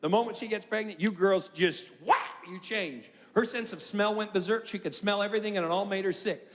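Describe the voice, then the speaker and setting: High-voiced man doing animated stand-up. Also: a little fast. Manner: animated, shouting punchlines. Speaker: stand-up comedian. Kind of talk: stand-up routine. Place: large theater stage with live audience. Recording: echoey hall, loud crowd laughter.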